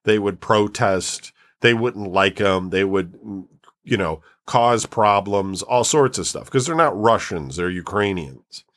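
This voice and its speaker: A man with a somewhat low voice, talking casually in a loose, rambling way. He stops and restarts often and fills the gaps with "like" and "um" while he explains things at length. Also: expressive, unhurried, a bit bright. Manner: rambling, many fillers and restarts. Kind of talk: casual chat.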